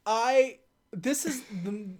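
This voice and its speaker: A woman's voice: a little high, takes it slowly. A woman co-hosting a podcast, casually recapping a film and acting out its scenes in funny voices. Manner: animated, acts out movie scenes in funny voices. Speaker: podcast co-host. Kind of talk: casual movie recap chat.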